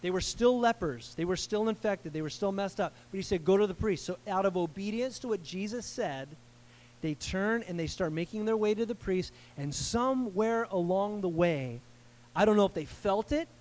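A man with a high-pitched voice preaches in a loose, conversational way. He drops into slang and acts out the people in his story. The delivery stays animated and informal. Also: moderate pace. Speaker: pastor. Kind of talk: casual sermon.

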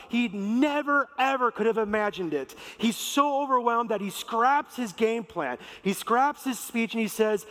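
A man preaching a sermon as a pastor, telling the story in an animated way with casual slang. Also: sits high. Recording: reverberant large hall.

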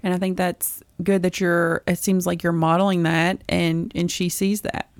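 A woman's voice: lowish voice, little pitch movement, moderate pace, no room sound. A woman in a podcast discussion who speaks thoughtfully, hesitating as she goes.

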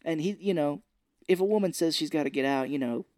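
A man co-hosting a movie podcast who retells scenes in casual chat, swears freely and acts out the characters' lines in high voices. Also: quick pace, a little mellow, dry recording, clean studio sound. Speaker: podcast co-host.

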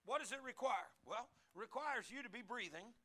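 High, bright-voiced folksy preacher man. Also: lively intonation, brisk. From United States. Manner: folksy preaching, rising to emphatic calls for the congregation to repeat. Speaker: pastor. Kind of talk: sermon.

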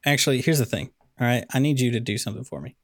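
A man's voice: mid-range voice, racing, no room sound, clean studio sound. A man co-hosting a podcast in casual chat, jokey and playful, steering the talk with questions. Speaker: podcast co-host.

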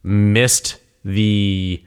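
Emphatic man in halting chat. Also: fairly low pitch, little pitch movement, clear, resonant tone. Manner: halting, restarts often, emphatic. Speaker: podcast co-host. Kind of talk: casual chat.

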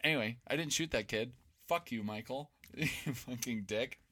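A man's voice: medium pitch, normal speed, pushed and bright. A young man from Idaho, co-hosting a podcast, telling rambling stories in a laid-back, swearing, casual chat. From Boise, Idaho. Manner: laid-back storytelling, lots of swearing and laughs. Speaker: podcast co-host.

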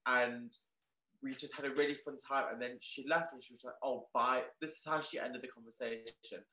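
A young man tells a story as an interview guest in a bright, ringing voice, excitable and leaning on "like" as he goes. The sound carries a roomy echo. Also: medium pitch, moderate pace. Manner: excitable, peppered with "like", animated retelling. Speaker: guest, clothing shop owner.

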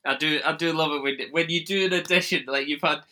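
A man hosting a podcast, chatting casually with friendly banter and quick laughs. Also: a little high, steady tone, bright, forceful tone. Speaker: podcast host.

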